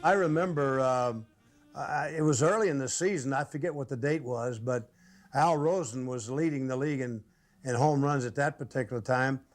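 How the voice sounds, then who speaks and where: An older former ballplayer recalling his career in an interview, relaxed and halting, with fillers. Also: mid-range voice, faint music behind. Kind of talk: interview reminiscence.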